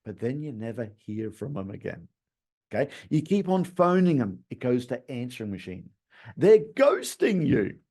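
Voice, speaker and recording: A man giving a sales training talk, lively and animated, acting out customers in high voices. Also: moderate pace.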